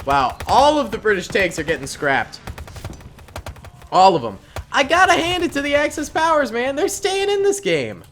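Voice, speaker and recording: A young man giving casual commentary on a war game he is playing, excitable and quick to exclaim and laugh, trailing off low when he muses. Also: slight background noise. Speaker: gaming YouTuber.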